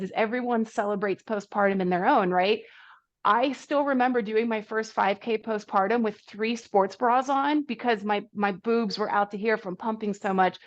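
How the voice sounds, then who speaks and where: Lively woman telling her story, lo-fi audio. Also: mid-range voice. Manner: animated, self-deprecating, acts out quoted people. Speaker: podcast guest, runner. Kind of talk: candid conversational storytelling.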